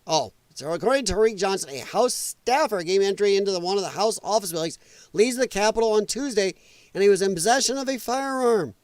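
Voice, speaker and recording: A high-voiced man hosting a late-night news livestream, talking in a casual, sarcastic, ranting style. The sound is dry and close, with no room echo. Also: lively intonation, a little fast. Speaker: livestream host.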